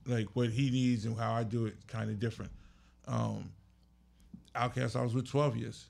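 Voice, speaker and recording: A man's voice: medium pitch, fairly even intonation, normal speed, vocal fry, a little mellow. A man, a music manager and podcast guest, telling blunt stories in casual chat. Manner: blunt, storytelling with laughs.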